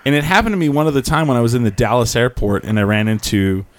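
A man's voice: medium pitch, fast. Rambling casual man telling stories. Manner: rambling storyteller, frequent restarts. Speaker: podcast host. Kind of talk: casual chat.

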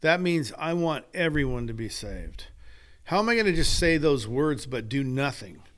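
A man's voice: mid-range voice, very animated, normal speed, fairly bright tone. An older man, a guest author, telling stories in an earnest, preacher-like way during a casual podcast conversation. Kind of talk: casual chat.

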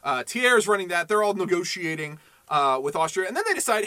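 A man hosting a casual history podcast, animated and profane, slipping into silly voices for quotes. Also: high voice, brisk, clean tone, dry recording. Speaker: podcast co-host.

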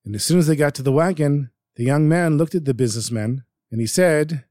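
A man's voice: fairly high pitch, fairly quick, no room sound, studio quality. Man telling a folktale expressively. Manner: expressive, dramatic storytelling. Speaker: storyteller. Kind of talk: told folktale narration.

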